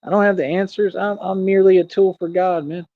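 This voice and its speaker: A man's voice: high-pitched, steady tone, a little fast, dry recording. A young man rambling in a casual livestream, preachy and repetitive, calling the listener "man" and "bro". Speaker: streamer. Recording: dull, dry lo-fi stream audio.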